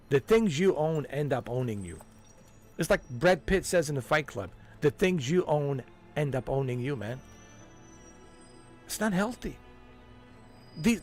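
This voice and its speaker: A man ranting on a game livestream, heated and profane, dropping "man" and "dude" as he hammers his points home. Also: fairly high pitch. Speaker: livestream gamer. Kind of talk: casual ranting livestream chat.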